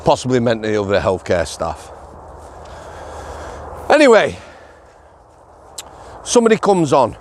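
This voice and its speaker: A man's voice: medium pitch, wildly swooping pitch, measured pace, long pauses, a little hiss or hum. A middle-aged man with a Yorkshire accent, a former prison officer telling stories in a casual, blunt vlog, often checking in with "yeah?". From Yorkshire, England. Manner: chatty, blunt, tag questions like "yeah?".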